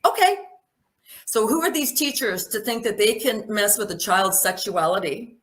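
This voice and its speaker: A woman's voice: medium pitch, expressive, moderate pace, a bit bright, a little hiss or hum. A woman giving a spoken presentation, emphatic and full of rhetorical questions.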